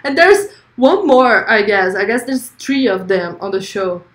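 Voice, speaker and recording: A woman's voice: mid-range voice, animated, a little slow. Effusive young woman in an echoey room. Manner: chatty and effusive, reading viewer comments aloud. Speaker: livestream host. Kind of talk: casual livestream chat.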